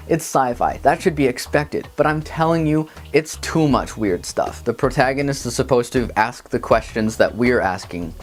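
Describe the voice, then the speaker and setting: A man hosting a casual movie review vlog from a green-screen studio, talking in a sarcastic, mocking way. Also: mid-range voice. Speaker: film reviewer and show host.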